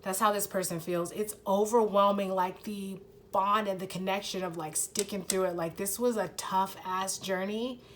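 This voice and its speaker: A woman's voice: medium pitch, fairly even intonation, normal speed, a little hiss or hum. Woman, tarot reader, casual, emotional, holding back tears, frequent fillers, cussing. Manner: earnest, swears freely, many fillers.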